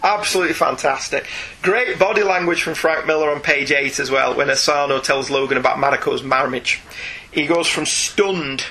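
A man's voice: fairly high pitch, low-quality recording. A man co-hosting a comics podcast, chatting enthusiastically and animatedly. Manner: enthusiastic, animated, quick laughs. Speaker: podcast co-host. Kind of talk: casual chat about comics.

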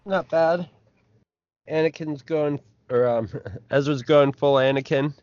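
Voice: mid-range voice, slow, a little mellow, dull audio. A podcast co-host chiming in with brief, casual comments about an episode. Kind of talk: casual chat.

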